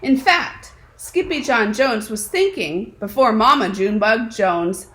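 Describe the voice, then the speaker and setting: A woman at home reading a children's picture book aloud, telling the story in an animated, expressive way. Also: fairly high pitch, unhurried, poor audio. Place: home with dogs nearby.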